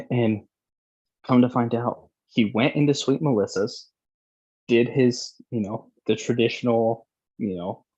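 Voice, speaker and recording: A man's voice: medium pitch, steady tone, measured pace, darkish tone, husky, lo-fi sound. A young man casually telling a long, profane, rambling story as a podcast host.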